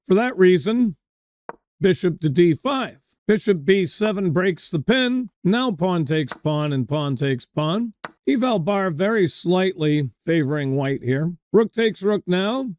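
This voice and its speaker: High-voiced chatty man teaching chess. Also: lively intonation, measured pace, a little mellow, no echo, clean studio sound. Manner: chatty, digresses into anecdotes, addresses viewers. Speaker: chess coach. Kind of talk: chess game commentary lesson.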